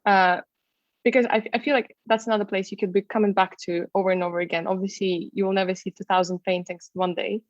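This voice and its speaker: A woman's voice: mid-range voice, steady tone, fast, no room sound, lo-fi sound. A woman working as a travel guide, chatting casually in an interview with many fillers and restarts. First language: not English. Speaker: travel content creator and tour guide.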